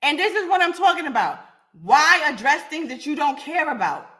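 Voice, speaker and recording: A woman's voice: high voice, big pitch swings, moderate pace, sharp tone. A woman hosting a live podcast, talking bluntly and confrontationally with heavy swearing. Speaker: podcast host.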